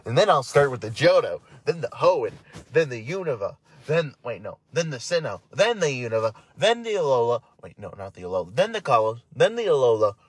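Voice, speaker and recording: A man's voice: mid-range voice, sing-song, fairly quick, husky, no echo. A man hosting a casual podcast, reading entries aloud with frequent stumbles, restarts and chatty asides. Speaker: podcast host.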